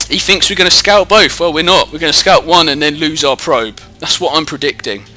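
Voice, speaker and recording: British teen guy casting a game, bright sharp voice, goofy and self-mocking, headset mic. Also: a little high, fairly quick, soft background music. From Britain. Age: teens. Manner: jokey, rambling, self-mocking. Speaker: gameplay commentator. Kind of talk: live game commentary. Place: indoors at home, away from the usual recording spot.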